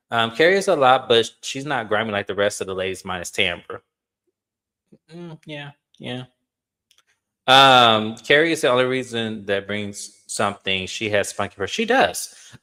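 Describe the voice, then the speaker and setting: A man with a bright, forceful voice recaps a reality TV reunion. He tells it in an animated, gossipy way, mixing plain commentary with louder acted-out quotes. His delivery is loose and conversational. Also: medium pitch. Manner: acts out quoted cast members in a raised voice.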